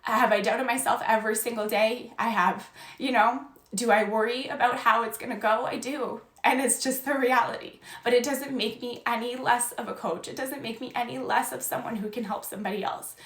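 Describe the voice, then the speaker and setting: A woman's voice: on the high side, fairly even intonation, a little fast, hardly any pauses, fairly bright tone. A young woman, a life coach, giving an earnest, encouraging message on a live stream. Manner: earnest and encouraging, reading viewer comments aloud. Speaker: life coach and podcast host. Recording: echoey room.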